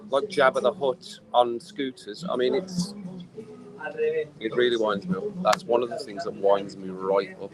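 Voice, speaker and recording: A man's voice: lowish voice, fairly even intonation, normal speed, crowd noise, low-quality recording. A man ranting in a rambling, exasperated way during a casual live stream from an outdoor poolside bar, audibly tipsy from drinking. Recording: clear music behind the voice. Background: music playing.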